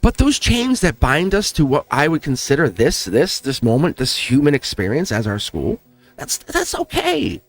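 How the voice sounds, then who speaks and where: With a medium-pitched, sing-song voice, a man hosting a tarot channel talks at a moderate pace and barely pauses. His emotional spiritual pep talk is aimed right at his viewers, and he sounds close to tears, repeating himself. The recording has no room sound.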